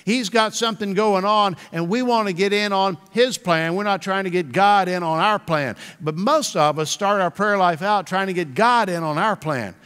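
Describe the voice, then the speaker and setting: A male pastor preaching a sermon in a conversational way, slowing down to repeat key phrases for emphasis. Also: sits high, a bit bright, clear, resonant tone, in a large hall.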